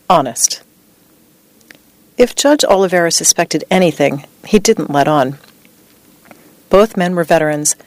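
A woman reading a true story as scripted narration, with a measured, even delivery. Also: low-pitched, no echo.

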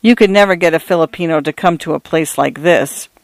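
A man's voice: fairly high pitch, fairly quick, gravelly, no echo. A man voicing a weary, dry-spoken parish priest of fifty-nine in a read-aloud story. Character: weary 59-year-old male parish priest, dry and glum.

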